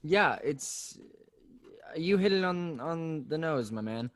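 A man co-hosting a casual podcast chat, relaxed and agreeable, often pausing on "uh" and "um". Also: fairly high pitch, dry recording, studio quality. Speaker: podcast co-host.

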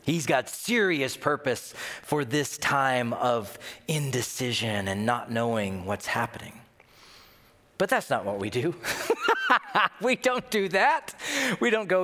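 Guy preaching a sermon, super lively, voice bouncing all over, echoey big hall. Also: mid-range voice, measured pace. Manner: animated preaching, acts out quoted voices. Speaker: pastor. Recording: long hall reverb.

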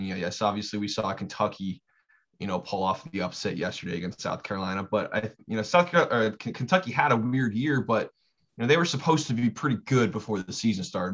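A man's voice: on the low side, fairly bright tone. A man, a sports reporter, giving loose, hesitant analysis with many restarts in a casual podcast chat. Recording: dull lo-fi audio.

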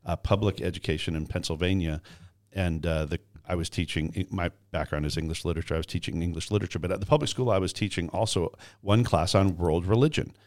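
A man hosting a podcast interview, telling a story in a lively way and acting out the quoted voices. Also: sits low, fast talker. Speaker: podcast host.

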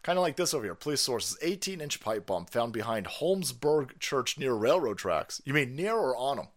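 A man's voice: mid-range voice, sing-song, normal speed. A man hosting a live stream, ranting in a profane, sarcastic way and laughing often. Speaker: streamer host.

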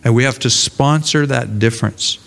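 A man's voice: mid-range voice, normal speed, gravelly, fairly bright tone, big-room sound. An older man and pastor preaching a conversational sermon, often repeating words as he searches for them.

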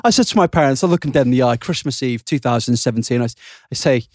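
A man's voice: medium pitch, fast, dry recording, clean studio sound. A young British man in his twenties hosting a casual podcast, giggling, swearing and stumbling over his sentences. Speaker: podcast host. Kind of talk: casual chat.

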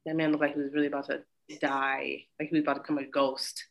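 Co-host, female, lower register, lively and profane storyteller. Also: fast, gravelly. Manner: animated, profane, acts out quotes with laughter. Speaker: podcast co-host. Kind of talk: casual chat recapping a show.

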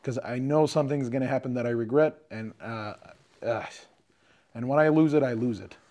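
A man's voice: medium pitch, fairly quick, darkish tone. A man from Jordan co-hosting a casual podcast, talking in a hesitant, reflective way with many fillers. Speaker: podcast co-host. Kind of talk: casual chat.

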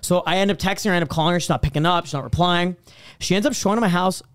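A man's voice: high voice, very fast, clear, resonant tone, no echo. A young man chatting casually on a podcast, telling stories and acting out quotes with lots of filler words. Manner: animated storytelling, acting out quotes. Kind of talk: casual chat.

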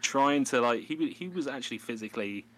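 A man's voice: medium pitch, fairly quick, slight background noise. A young man co-hosting a podcast, telling stories with lots of laughter in casual chat. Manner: animated storyteller, laughs often, breaks into a put-on New York voice. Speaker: podcast co-host.

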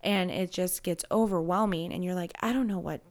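A woman's voice: fairly low pitch, a little fast, darkish tone. A woman in her thirties talking openly and emotionally in a personal conversation, rambling and restarting as she works through her feelings.

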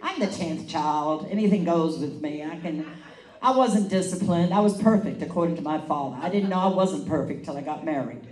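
A woman evangelist telling a story in a sermon, animated and laughing as she acts out the quotes. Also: low-pitched, a little fast. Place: meeting hall. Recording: echoey room, mic at a distance.

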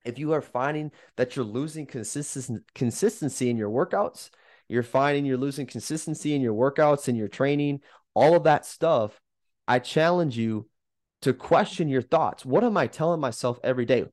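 A man's voice: medium pitch, moderate pace, a little mellow, dry recording, clean studio sound. Emphatic man giving a motivational pep talk. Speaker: fitness coach and podcast host. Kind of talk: motivational podcast monologue.

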